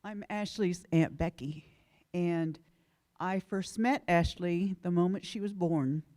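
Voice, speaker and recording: A woman speaks to a memorial gathering in a lecture hall through a handheld microphone. Her voice sits a little low and sounds mellow, and she talks in a plain, conversational way. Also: slow. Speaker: family member speaking at a memorial. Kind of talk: personal remembrance to an audience.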